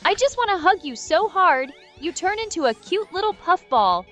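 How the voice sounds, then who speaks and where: A giddy, over-the-top anime fangirl squealing and gushing, as a synthetic woman's voice puts her on. Her voice is high and bouncy, and everything is exaggerated and cutesy. Faint music plays behind her. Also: very animated, normal speed, a bit bright, exaggerated voice.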